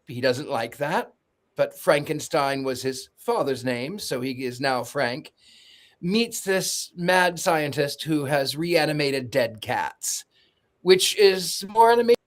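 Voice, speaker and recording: A man giving a sarcastic, joking movie recap as a podcast panelist. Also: fairly high pitch.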